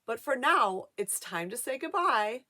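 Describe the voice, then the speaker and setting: Woman, middle-aged, children's teacher, sing-song, lively swooping pitch, slow unhurried delivery. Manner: sing-song, exaggerated, talks to kids with questions. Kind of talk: show-and-tell lesson for young children.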